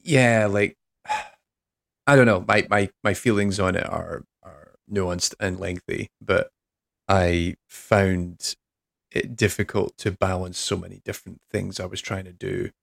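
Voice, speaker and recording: A man's voice: low-pitched, fairly even intonation, a little slow, creaky. An English man hosting a podcast in casual chat, rambling and self-deprecating, with many restarts. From England. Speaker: podcast host.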